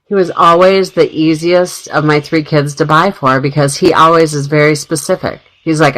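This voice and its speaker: A woman's voice: deep voice, moderate pace, fairly bright tone, rough recording. A middle-aged woman co-hosting a radio talk show, telling family stories in a chatty way and laughing often. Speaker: radio co-host. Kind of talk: casual radio chat.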